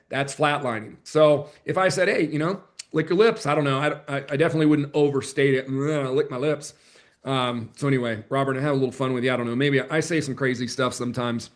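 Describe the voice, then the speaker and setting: Man, sales trainer, video call mic, energetic, chatty, slightly high voice. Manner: energetic, chatty, self-deprecating. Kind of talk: live online training session. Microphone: computer mic on a video call.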